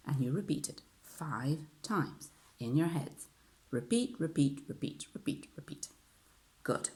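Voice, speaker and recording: Woman, low voice, lively sing-song intonation, English teacher drilling grammar. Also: vocal fry. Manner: slow drilling with many repetitions and "okay?" checks. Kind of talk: online grammar lesson.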